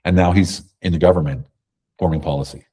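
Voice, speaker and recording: Deep-voiced guest, husky and dark, emphatic storyteller. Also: male voice, a little fast. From America. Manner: emphatic, animated storytelling with acted quotes. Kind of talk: conversational interview.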